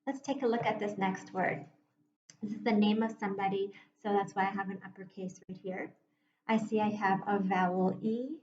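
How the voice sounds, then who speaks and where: A woman teacher giving a slow, patient phonics lesson to young children, sounding words out and inviting them to read along. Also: mid-range voice, a little mellow, slight background noise. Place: room at a whiteboard. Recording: echoey room, dull muffled sound.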